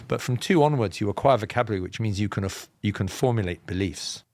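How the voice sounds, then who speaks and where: A man from England with a southern, BBC-style received pronunciation accent, telling personal stories as a podcast guest in a measured, explanatory way with self-deprecating humour. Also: on the low side, darkish tone. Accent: Southern English, BBC-style received pronunciation. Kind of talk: reflective personal storytelling.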